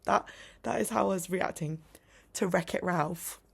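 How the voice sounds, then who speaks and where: A woman's voice: on the low side, measured pace, creaky, husky. A young woman vlogging casually at home, rambling with lots of fillers and often dropping to a whisper. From United Kingdom. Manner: many "like" fillers, self-interrupting. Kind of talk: casual vlog chat.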